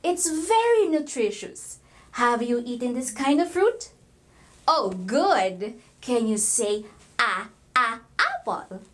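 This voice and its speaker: A woman's voice: fairly high pitch, big pitch swings, slow pace. A woman teaching young children letter sounds, coaxing them to repeat in a sing-song way. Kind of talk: children's phonics lesson.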